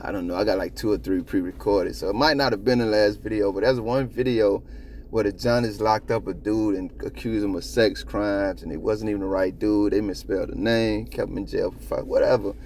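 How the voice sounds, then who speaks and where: A man hosting a copwatch channel, giving casual commentary in a profane, animated, rambling way. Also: fairly low pitch, fairly quick, vocal fry, a little hiss or hum. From South Florida.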